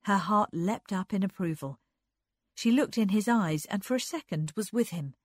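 A woman narrating a novel in a measured, even reading. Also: medium pitch, no echo, studio quality. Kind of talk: scripted narration, audiobook.

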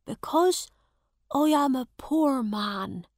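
A woman's voice: high-pitched, lively intonation, slow pace, a little mellow, dry recording, studio quality, pitched above the performer's own voice, exaggerated voice. A woman voicing a poor male prisoner pleading his case in a storybook reading.

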